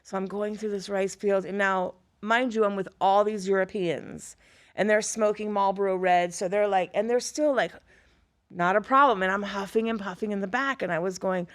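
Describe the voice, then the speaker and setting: Here a woman speaks at medium pitch and a normal pace. She's a middle-aged guest from Florida who used to teach high school, sharing personal anecdotes conversationally and bringing quoted lines to life with lively acting.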